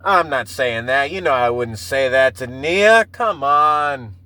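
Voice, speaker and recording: A man's voice: medium pitch, animated, takes it slowly, pushed and bright, no echo, rough recording. A man in his mid-thirties hosting a casual solo podcast, rambling and swearing freely, often laughing at himself. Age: 30s. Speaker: podcast host.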